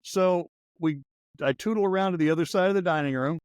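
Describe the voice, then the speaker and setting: A man's voice: fairly high pitch, fairly quick, darkish tone, clean tone, no echo. A man in his sixties, a former radio newsman hosting a podcast, telling stories in a rambling, wry, anecdotal way. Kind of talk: casual storytelling chat.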